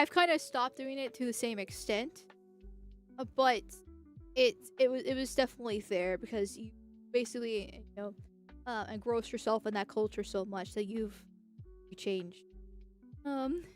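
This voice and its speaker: A young woman from the United States talking casually on a livestream, rambling and chatty with lots of restarts and laughs. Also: fairly high pitch. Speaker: political streamer.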